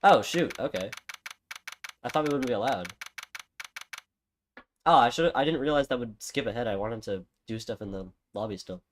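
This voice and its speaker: A man gives casual, self-deprecating commentary while he plays through a game. His voice sits at an ordinary middle pitch, and game music plays steadily behind him. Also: expressive, normal speed, long pauses. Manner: chatty, self-deprecating, laughs at own mistakes. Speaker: game streamer. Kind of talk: casual let's-play commentary.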